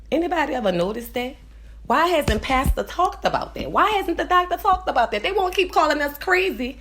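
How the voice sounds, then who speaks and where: A woman in her forties with a nasal New Orleans accent, rambling to her viewers in a casual monologue and often checking in with "you understand?". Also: fairly high pitch. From New Orleans, USA. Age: 40s. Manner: rambling, repeats "you understand?", swings between loud and quiet. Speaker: vlogger.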